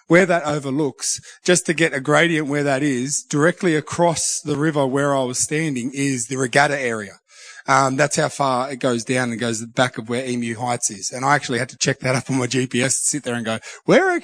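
A man's voice: medium pitch, a bit bright, no room sound. Earnest man, dry close sound. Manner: earnest, halting, with many restarts. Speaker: Christian speaker sharing a devotional. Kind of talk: personal devotional reflection.

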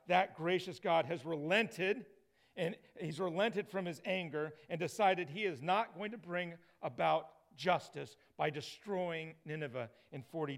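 Gravelly-voiced male preacher. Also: a little high. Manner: dynamic preaching, swings from loud emphatic to soft hushed. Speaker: pastor. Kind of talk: sermon.

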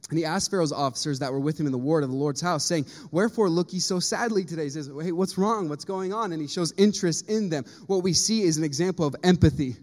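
Earnest preacher in a reverberant hall. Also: male voice, fairly high pitch, quick pace, few pauses, darkish tone. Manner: earnest, building to emphatic peaks with repeated phrases. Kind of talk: sermon. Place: church sanctuary. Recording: long reverb of a church hall.

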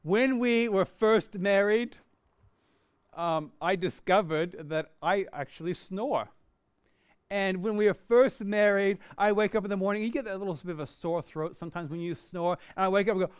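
A man's voice: high-pitched, normal speed, smooth. A middle-aged male pastor preaching a sermon, earnest and dynamic, with self-deprecating humor.

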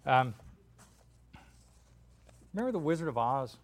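A man preaching a sermon in a conversational, candid way, animated as he retells stories. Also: medium pitch, measured pace.

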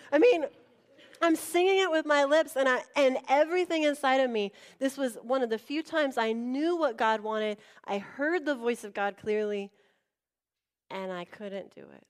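Woman, pastor, sermon, animated storytelling, acts out dialogue, slightly high voice. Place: church before a congregation.

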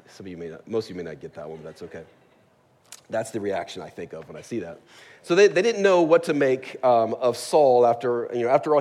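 Preaching in a church sanctuary, this pastor's fairly low, darkish voice keeps things conversational and jokey as he checks in with the congregation, asking "right?" Long hall reverb surrounds his words.

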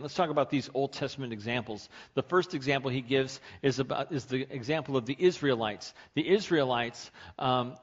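A man's voice: mid-range voice, fairly quick, few pauses, dull audio. A man preaching a sermon in a conversational, emphatic way, often asking the congregation questions. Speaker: pastor.

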